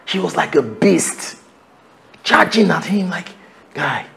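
An uneasy confiding husband. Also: male voice, fairly high pitch, animated, slow, vocal fry, fairly bright tone, heavily acted. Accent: Nigerian. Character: worried husband confiding in a friend.

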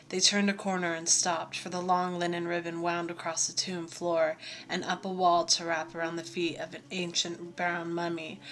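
A woman reading a story aloud as narrator, in a measured, steady manner. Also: on the low side. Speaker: audiobook reader.

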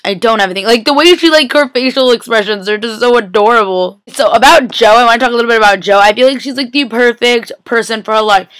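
A woman's voice: a little high, quick pace, few pauses, fairly bright tone, no echo. A young woman vlogger rambles through a TV episode recap late at night, sleepy and giggly, saying "like" constantly, recorded on a laptop webcam. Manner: rambling, giggly, heavy use of "like". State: sleepy, filming at four a.m. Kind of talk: casual chatty recap. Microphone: laptop webcam mic.

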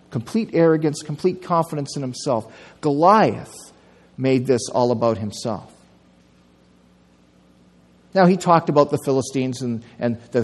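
A male pastor preaching a sermon, telling a story with lively delivery and acting out the quotes. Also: medium pitch. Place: church sanctuary. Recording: long church reverb.

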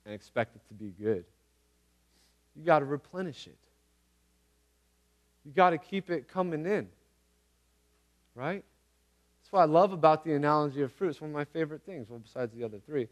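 A man's voice: a little high, normal speed, pauses often. A man preaching a casual, conversational sermon, earnest and repeating phrases for emphasis, with everyday slang. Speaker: pastor.

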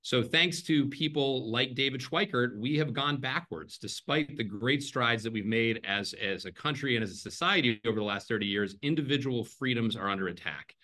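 Bright-voiced man giving a campaign pitch. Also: moderate pace, hardly any pauses. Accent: American. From Ireland. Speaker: congressional candidate. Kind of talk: candidate forum opening statement.

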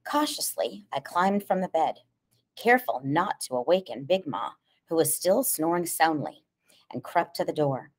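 A woman narrating a novel in the first person, with measured, hushed storytelling. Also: low voice, very animated. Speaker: audiobook narrator.

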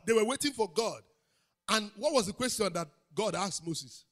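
A man with a Nigerian English accent preaches to a congregation in a church auditorium. His voice sits high and bright, and it swings widely in pitch. He calls out to the crowd and climbs into shouted lines. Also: lively intonation, normal speed. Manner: preaching with crowd call-outs, swelling into shouts. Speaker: pastor. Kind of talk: sermon.

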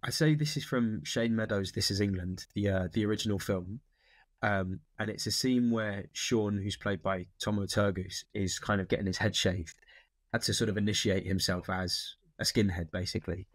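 A man's voice: fairly low pitch, normal speed, no room sound. A man, a guest in an interview, talking thoughtfully about films with many restarts. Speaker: actor guest. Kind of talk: casual interview chat.

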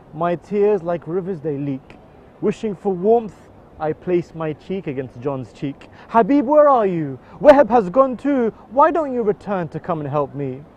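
A man explains and then recites a mournful devotional poem, his voice swelling on cries and dropping soft at line ends. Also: sits high. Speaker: religious poetry reciter. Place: outdoors in a city. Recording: dull, muffled outdoor recording.

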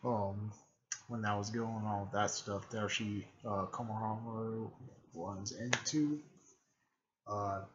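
A man with a fairly low voice talks through a story recap in a loose, meandering way, stopping for fillers and repeated throat clearing. The recording is dull and lo-fi. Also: fairly even intonation, a crowd in the background. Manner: halting, full of fillers and frequent throat clearing. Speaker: video creator recapping a fan series. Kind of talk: rambling casual recap.

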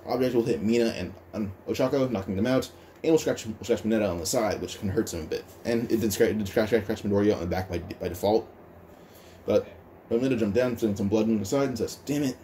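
A man casually retelling a fan story, talking fast with frequent stumbles and restarts. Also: on the low side, warm tone, a little hiss or hum. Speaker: story narrator.

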